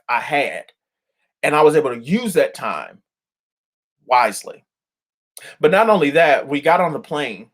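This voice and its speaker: Animated, higher-voiced male pastor. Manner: animated storyteller, colloquial and emphatic. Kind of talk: daily devotional sermon.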